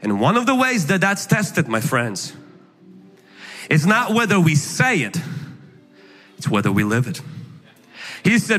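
A male pastor preaching a sermon, emphatic and animated, at times shouting his points. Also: high-pitched, measured pace, long pauses. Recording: echoey hall with faint music.

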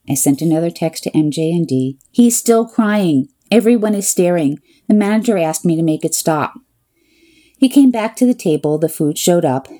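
A woman telling a comic first-person story with wry, exasperated, deadpan asides. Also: low voice.

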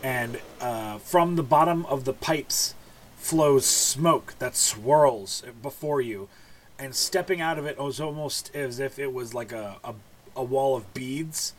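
A man narrating as game master in a relaxed, halting way with many fillers. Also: medium pitch, slight background noise.

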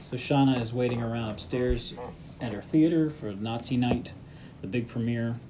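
A man's voice: mid-range voice, moderate pace, background noise. A man casually recapping a movie on a podcast, laid-back and profane as he retells the scenes. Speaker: podcast co-host recapping a film. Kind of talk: casual film recap chat.

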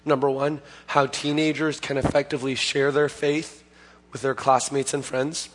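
A man preaching a conversational sermon as pastor, hoarse from having lost his voice, chatty and plain-spoken with frequent self-corrections. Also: mid-range voice, flat delivery, normal speed. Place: church sanctuary. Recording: long hall reverb.

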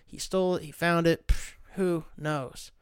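Male host, loose and profane comic storyteller; smooth tone, close dry mic. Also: on the high side, measured pace, no room sound. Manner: profane, rambling, animated. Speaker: podcast host. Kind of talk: casual comedic storytelling monologue.

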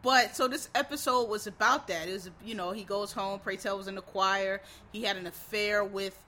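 A man chats casually to his listeners, sounding a little tired. His voice is bright and forward. He rambles, trails off and restarts, and calls his audience y'all. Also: high voice, fairly even intonation, normal speed. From Philadelphia. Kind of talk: casual chat recapping a TV show.

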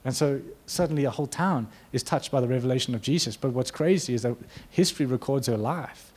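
Fast and husky, the man's mid-range voice drives an energetic sermon story in which he performs the quoted lines and breaks into laughter at times.

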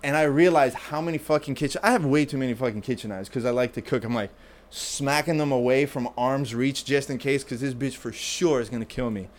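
A man spinning a wild personal story among friends, cursing often and jumping into his own quotes. His voice sits at an ordinary middle pitch, easygoing and conversational. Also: fairly quick. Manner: animated, profane, acts out quotes in raised voice. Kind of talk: casual storytelling chat.

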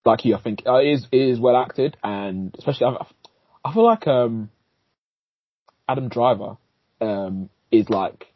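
A man's voice: mid-range voice, animated, normal speed, pauses often, no room sound. A man co-hosting a casual film podcast, talking loosely with many fillers and short agreements. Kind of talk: casual film review chat. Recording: dull lo-fi sound, dry.

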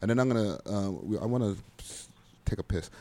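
A man co-hosting a casual podcast chat, animated and swearing, laughing often. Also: on the low side, fairly quick. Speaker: co-host.

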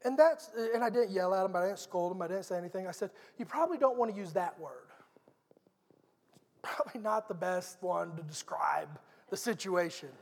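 A man's voice: sits high, animated, normal speed, vocal fry, a little mellow. Earnest preacher man in a reverberant hall. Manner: earnest, conversational storytelling. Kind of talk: sermon.

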